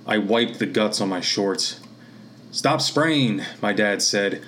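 A man from Pennsylvania reading his own literary fiction aloud in a steady, measured way. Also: on the low side, a little hiss or hum. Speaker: author and reader.

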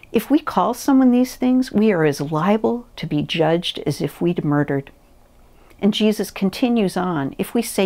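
A woman preaching a sermon in an earnest, measured way, reading scripture and a story aloud. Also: fairly low pitch, darkish tone. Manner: earnest, measured teaching with pauses.

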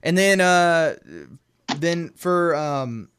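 Animated man, fairly high voice. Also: extremely slow, clear, resonant tone. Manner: animated, laughs often, acts out movie lines. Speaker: podcast co-host. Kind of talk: casual chat.

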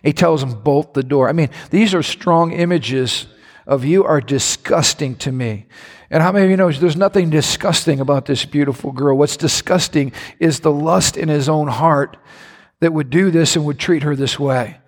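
A pastor preaching a sermon to his congregation, impassioned, his voice climbing higher when he is stirred. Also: moderate pace. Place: large church hall. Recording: reverberant church hall.

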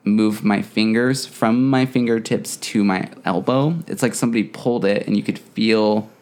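A young man hosting a podcast, telling a story in casual chat, animated, acting out quotes and swearing freely. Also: fairly low pitch, moderate pace.

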